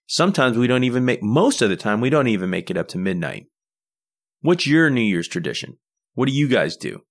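A man's voice: on the low side, a bit bright. Man telling rambling stories on a podcast. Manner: rambling anecdotal storytelling with frequent restarts. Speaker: podcast host. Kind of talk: casual solo monologue.

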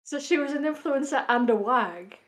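A woman's voice: high-pitched, expressive, moderate pace. A woman co-hosting a casual chat, dropping dry, wry quips. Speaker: podcast co-host.

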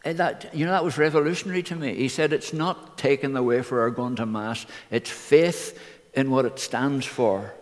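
An older man, a minister earnestly telling personal stories to his congregation. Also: medium pitch. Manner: earnest anecdotal storytelling. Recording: reverberant hall.

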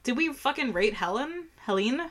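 A woman's voice: fairly high pitch, lively intonation, moderate pace, fairly bright tone. A young woman co-hosting a podcast, tasting beers and reading labels aloud with blunt, sarcastic remarks and lots of swearing. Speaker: podcast co-host. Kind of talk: casual chat, beer tasting.

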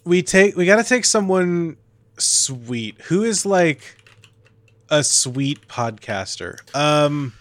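A man's voice: fairly high pitch, very animated, slow pace, dry recording. Man trading dry, teasing comebacks. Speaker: podcast co-host. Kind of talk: casual comedic chat.

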